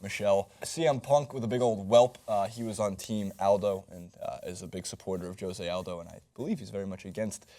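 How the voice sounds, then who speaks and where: A man's voice: on the low side, fairly even intonation, brisk, hardly any pauses, dark tone. A man co-hosting a sports reaction show, reading out reactions with dry, wry remarks. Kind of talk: casual sports chat.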